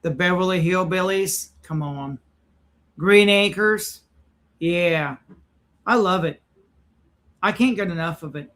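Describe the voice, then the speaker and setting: A man's voice: sits high, slow pace, pauses often, a bit bright. A man reacting to a video clip, indignant and sarcastic, preaching as he comments.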